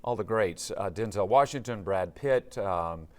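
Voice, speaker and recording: A man's voice: fairly low pitch, animated, unhurried. A man anchoring the news, chatting loosely about a local story with fillers. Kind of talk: casual anchor chat.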